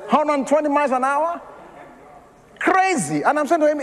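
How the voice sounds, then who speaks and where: High-voiced male preacher in a reverberant hall. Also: expressive, normal speed. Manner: preaching with storytelling and laughter. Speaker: pastor. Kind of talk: sermon.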